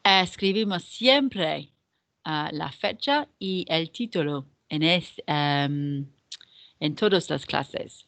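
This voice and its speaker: A woman's voice: deep voice, slow, fairly bright tone, no room sound. A woman teacher giving a recorded beginner language lesson, explaining patiently and step by step, often repeating words to pupils. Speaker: deputy head and Spanish teacher.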